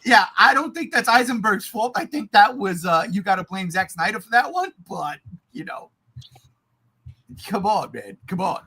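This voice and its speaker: A man co-hosting a podcast, chatting casually and excitedly about movies, swearing often and getting loud. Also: sits high, moderate pace, slightly rough. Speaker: podcast co-host.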